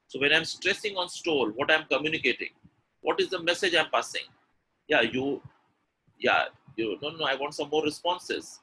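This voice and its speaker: Bright-voiced trainer. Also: male voice, medium pitch, animated, a little fast, a little hiss or hum, poor audio. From India. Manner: emphatic, drills stress with repeated example sentences; keeps prompting the audience with "Hello?" and questions. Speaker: English pronunciation trainer. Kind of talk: live online webinar lesson.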